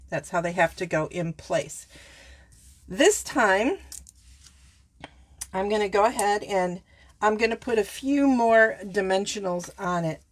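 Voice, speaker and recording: Chatty woman demonstrating card making. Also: medium pitch. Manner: chatty, self-correcting, talks straight to viewers. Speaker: papercraft demonstrator. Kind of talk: casual craft tutorial.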